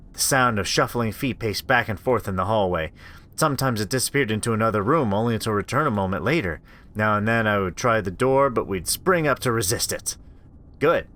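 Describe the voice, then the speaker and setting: A man's voice: fairly low pitch, moderate pace. A man reading a horror visual novel aloud, reacting and joking between lines, into a desktop microphone. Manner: expressive, reacts aloud, swears. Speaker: let's play host.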